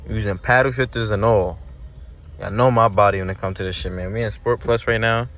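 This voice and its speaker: A young man's fairly low voice moves along fairly quickly as he vlogs from behind the wheel, filmed by a camera mounted in the moving car. He talks directly to viewers in heavy slang, turning loud and excited when he accelerates, with faint road noise underneath.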